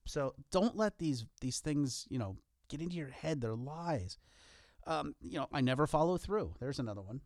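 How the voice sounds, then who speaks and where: Male podcast co-host, earnest and joking, very expressive pitch, dry studio sound. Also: normal speed, no room sound. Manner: earnest, lively, self-deprecating jokes. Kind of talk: casual motivational podcast talk.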